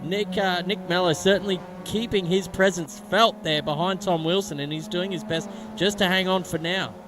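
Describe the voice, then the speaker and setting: A man with an Australian accent co-commentating a sim race, chatty and laughing, with sudden excited yelps. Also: high voice, moderate pace, background noise.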